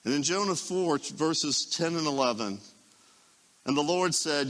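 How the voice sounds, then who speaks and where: A male pastor who preaches slowly and dramatically, his voice leaping up and down with lively swings between loud telling and hushed asides. His voice is recorded with a long, hall-like reverb. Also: on the high side. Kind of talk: sermon.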